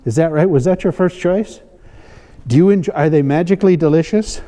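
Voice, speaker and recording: A man's voice: on the high side, warm tone. A man performing as a comedy magician, teasing and joking with audience volunteers on stage. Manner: playful, teasing, quick asides. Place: stage before a live audience. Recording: hall reverb, faint room noise.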